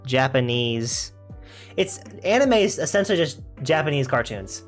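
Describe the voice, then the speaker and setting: A man's voice: medium pitch, sing-song, normal speed, soft background music. A young man streaming a video game, chatting in a laid-back, rambling way and laughing often. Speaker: gaming streamer. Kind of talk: casual chat while playing.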